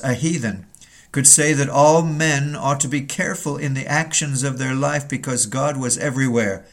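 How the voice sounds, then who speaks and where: A man reading an old Puritan sermon aloud, earnest and building to urgent rhetorical questions. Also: mid-range voice.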